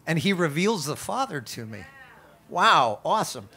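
A man pastor preaching a sermon at an outdoor worship gathering, conversational and energetic with playful asides. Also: high-pitched, normal speed, slightly rough.

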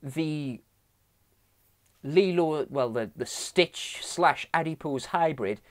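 A man's voice: fairly high pitch, slow, no room sound, clean studio sound. A young man co-hosting a podcast, ranting and laughing in casual chat. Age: young adult. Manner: animated, ranting, laughs often, mimics voices. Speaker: podcast co-host. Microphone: podcast mic.

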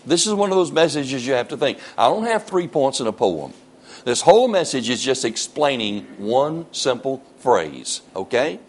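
A male pastor delivering a sermon, his pitch swinging widely as he presses rhetorical questions on the congregation. He reads scripture aloud with strong, emphatic stresses. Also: sing-song, moderate pace. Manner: preaching with rising emphatic questions and scripture reading.

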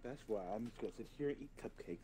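A man's voice: mid-range voice, fast talker, mellow, soft background music. A man in his twenties, streaming a game, telling a rambling story to a friend and laughing often. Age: 20s. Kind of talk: casual chat while gaming.

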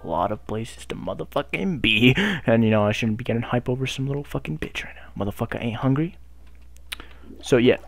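A young man giving loud, profane gameplay commentary, hyped up and talking back to the game on screen. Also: medium pitch, a little fast, creaky. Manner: loud, hyped, swears constantly, talks to the game. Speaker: gaming YouTuber.

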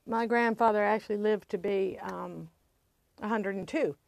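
A woman's voice: mid-range voice, fairly even intonation, moderate pace, creaky, a little mellow, no room sound. A woman from Virginia, a singer-songwriter hosting her show, who tells stories between songs in a chatty, rambling way and laughs easily. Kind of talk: casual storytelling between songs. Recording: ukulele playing behind the voice.

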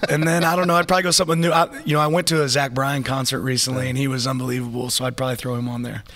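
A man's voice: medium pitch, little pitch movement, rapid-fire, a bit bright. A man, a football head coach, giving easygoing, plain-spoken answers in a casual interview.

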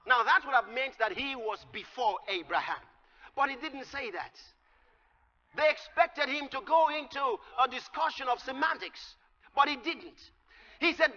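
Man preaching, very high voice, piercing bright tone, long hall reverb, dull lo-fi sound. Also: animated, moderate pace. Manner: emphatic preaching, rises to shouts on key lines. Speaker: pastor. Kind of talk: sermon.

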